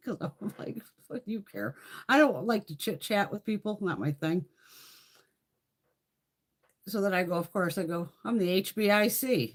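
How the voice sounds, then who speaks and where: A woman in her fifties chats on a makeup livestream, swearing freely and laughing through her stories. Her voice sits low, yet it swings widely in pitch as she tells them. She breaks off now and then to answer viewers' comments. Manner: profane, blunt storytelling with frequent laughs. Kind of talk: casual livestream chat.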